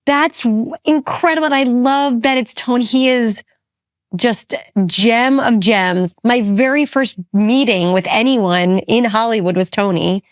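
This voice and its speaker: A middle-aged actress as a podcast guest, chatting in an enthusiastic, gushing way. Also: female voice, a little high, dry recording, clean studio sound. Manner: gushing, enthusiastic, quick to exclaim. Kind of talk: casual chat.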